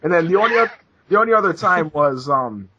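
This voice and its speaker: A young man hosting a casual podcast, telling crude stories with loud acted-out quotes. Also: fairly high pitch, animated, fairly quick, a little hiss or hum. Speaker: podcast host. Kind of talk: casual gaming podcast chat. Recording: dull lo-fi voice chat audio.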